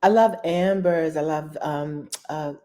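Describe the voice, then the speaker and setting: Slow, low-voiced woman guest. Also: mellow. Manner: unhurried, thoughtful, with many fillers. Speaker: interview guest. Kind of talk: casual interview.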